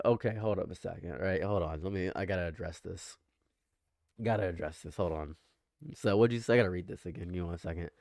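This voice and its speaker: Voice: sits low, quick pace, darkish tone, dry recording, clean studio sound. A livestream commentator reacting live, ranting emphatically and repeating phrases for effect.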